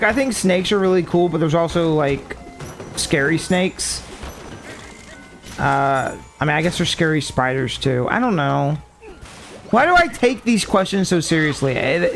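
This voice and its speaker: While streaming a video game, a man chats casually in a fairly high, slightly bright voice. He rambles, makes fun of himself and swears in passing.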